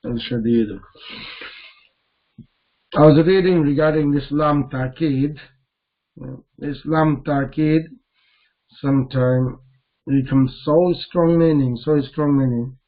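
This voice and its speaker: A man teaching Arabic grammar in a classroom lesson, explaining slowly and repeating the words he recites. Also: on the high side, steady tone, narrow, tinny audio.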